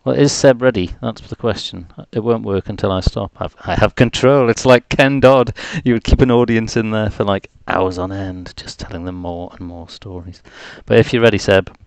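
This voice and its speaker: Filling time on a live music stream, a host from North East England with a mild Geordie accent rambles in a jokey, chatty, self-deprecating manner. His fairly low, gravelly voice moves at normal speed with few pauses, captured in a dry recording.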